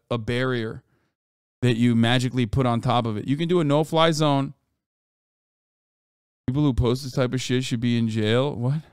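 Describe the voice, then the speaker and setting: A man streaming live, reacting to news with profane, animated commentary and talking back to his chat. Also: mid-range voice, smooth, no room sound, clean studio sound. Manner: reads quotes aloud quickly.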